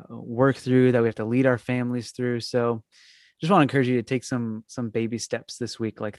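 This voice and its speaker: A man's voice: medium pitch, a little mellow, dry recording. Brief: male host, mid-range voice, easygoing, dry close sound. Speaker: podcast host. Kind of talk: casual chat.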